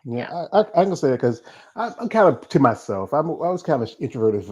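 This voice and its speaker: Host: man, 40s, from North Carolina, rambling and repetitive, mid pitch, lo-fi recording. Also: sing-song, brisk, darkish tone, breathy edge. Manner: rambling, repeats words, plays with accents. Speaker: interview host. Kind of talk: casual interview chat. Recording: dull lo-fi sound.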